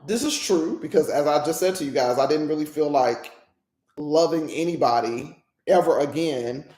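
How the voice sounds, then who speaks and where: A woman's voice: low voice, normal speed, dark tone. A woman hosts her own podcast and speaks openly in a reflective solo monologue. She is emotional and candid, and she often restarts her sentences as she works through her thoughts. Her voice carries a noticeable room echo. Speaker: podcast host.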